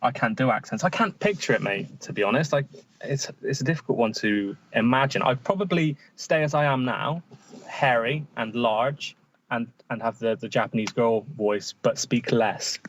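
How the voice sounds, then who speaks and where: A man's voice: medium pitch, moderate pace, slight background noise. Easygoing Bristolian man, dull lo-fi sound. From Bristol, England. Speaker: podcast co-host. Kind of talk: casual chat.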